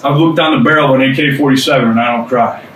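Talking very fast in a steady, fairly bright mid-range voice, a man gives his testimony as a guest speaker to a small group indoors. He keeps it conversational and earnest, often saying "man" and "dude" and repeating phrases for emphasis. The audio is distant and echoey, with faint background hum.

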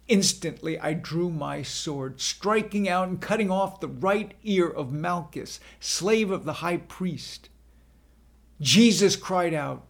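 A man narrating a dramatic first-person scripture reading in a slow, earnest storytelling manner. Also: fairly high pitch, expressive, vocal fry.

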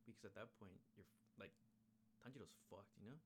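A man with a somewhat low voice hosts a casual podcast. He rambles along in easygoing slang and swears often. His talk is loose and chatty. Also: steady tone, fast, slight background noise. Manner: laid-back, rambling, heavy swearing and slang. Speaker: podcast host. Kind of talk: casual chat recapping an episode.

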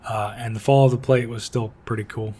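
A man's voice: mid-range voice, steady tone, brisk, dark tone, slightly rough. A man in a casual podcast chat about a video game, speaking in a laid-back, wry, profane way. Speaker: podcast co-host.

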